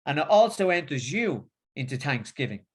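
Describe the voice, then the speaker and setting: A middle-aged man with a Northern English accent talks about faith in a voice that sits a little high. His speech is halting and full of repeats and fillers, as he shifts from reading a prepared talk to casual chat. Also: sing-song, slightly rough. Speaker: religious speaker.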